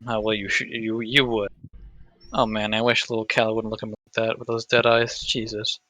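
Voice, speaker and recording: A man's voice: fairly low pitch, little pitch movement, normal speed, pushed and bright, no room sound. A man reading as a laid-back teenage boy who talks offhandedly and swears casually. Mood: uneasy. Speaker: reader in a group readthrough. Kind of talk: live unscripted fan script reading.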